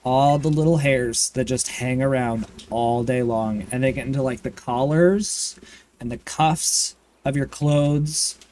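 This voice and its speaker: A man chatting casually and campily while streaming a video game, with playful swearing and excited bursts. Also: medium pitch, measured pace. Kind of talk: casual gaming livestream chat.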